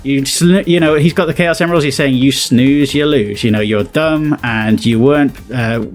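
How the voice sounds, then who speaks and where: A man with a West Country accent talks through a casual reaction commentary, rambling and circling back with plenty of fillers. His voice sits in an ordinary middle pitch. Faint music hums in the background. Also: moderate pace. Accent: West Country English. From southwest England. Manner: rambling, chatty explaining with many fillers. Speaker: video commentator.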